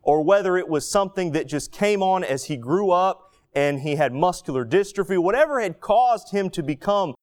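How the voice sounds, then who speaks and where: A man preaching a sermon, telling a Bible story with animated asides and acted-out quotes. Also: high-pitched, moderate pace.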